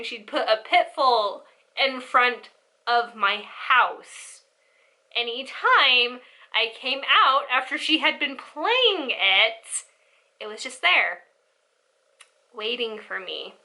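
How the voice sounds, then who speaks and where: A young woman telling a family story in a casual, animated way, acting out the voices of her relatives. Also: a little high, slow. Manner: animated, acts out family members' lines. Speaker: storyteller vlogger.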